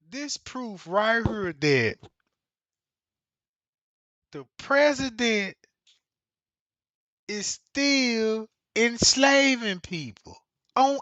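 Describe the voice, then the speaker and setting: A man's voice: high-pitched, bright, forceful tone, no room sound, lo-fi sound. A man streaming to viewers, ranting in a casual, slangy, emphatic way and repeating himself.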